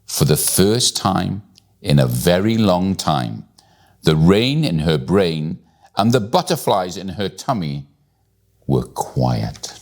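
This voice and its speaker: A man reading a bedtime story aloud in an expressive, deliberate storytelling manner. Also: sits low.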